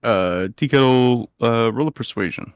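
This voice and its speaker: A man's voice: medium pitch, normal speed, creaky, clear, resonant tone, no room sound. A man narrating as game master, hesitant with many fillers.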